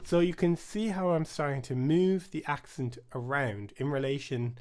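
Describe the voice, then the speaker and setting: A man hosting a live-streamed bodhrán lesson, chatty and upbeat, chanting rhythm syllables aloud, with his voice starting to rasp. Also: a little high, moderate pace, darkish tone. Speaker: bodhrán teacher and channel host.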